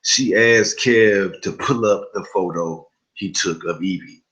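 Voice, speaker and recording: A man's voice: sits low, a little slow, a bit bright, poor audio. A young man recapping a TV episode in a loose, chatty way, full of asides and fillers. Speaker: TV recap host.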